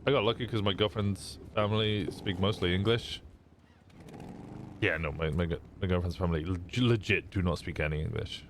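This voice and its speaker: Over a noisy background, a young man with a low voice talks at a moderate pace to his live stream chat. He keeps it loose, swears a lot, and keeps stumbling over restarts.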